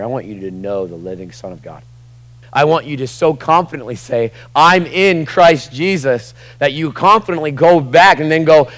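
A young adult man preaching a sermon in a conversational way, dropping to quiet asides and rising to loud, emphatic bursts. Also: lowish voice, rough recording. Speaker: pastor.

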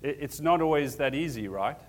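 A man's voice: a little high, animated, fairly quick. A man preaching a sermon in an earnest, conversational way, asking the congregation questions as he goes. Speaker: pastor.

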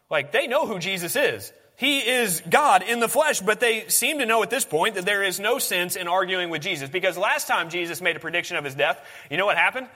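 A man's voice: high-pitched, animated, fairly quick, hardly any pauses, bright, forceful tone, long reverb tail. A man preaching a sermon in an earnest, conversational way, often restarting his sentences.

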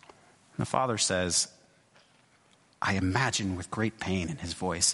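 A man giving a sermon as a pastor, in a conversational, halting way with many restarts and asides. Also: lowish voice, a bit bright, slightly rough. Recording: long hall reverb.

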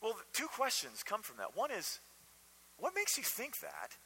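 A man's voice: sits high, huge pitch swings, normal speed, sharp tone, breathy edge, long reverb tail, poor audio. A man preaching a conversational sermon to a Sunday morning congregation, often asking them direct questions. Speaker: pastor.

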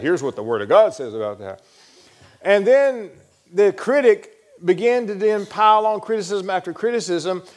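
A male pastor delivers a sermon in a fairly high-pitched voice, asking the congregation direct questions. He moves between storytelling and quiet, earnest teaching.

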